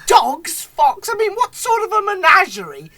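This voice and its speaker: A man's voice: extremely high pitch, wildly swooping pitch, moderate pace, sharp tone, pitched above the performer's own voice, full character voice. A man imitating a posh middle-aged man who loses his temper in an exasperated, spluttering rant. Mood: outraged.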